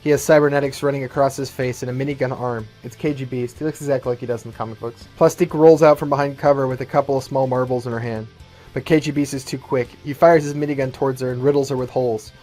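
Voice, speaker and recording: A man's voice: medium pitch, quick pace, soft background music. Man narrating a fan-written movie plot. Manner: plain, steady storytelling, light commentary. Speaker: YouTuber.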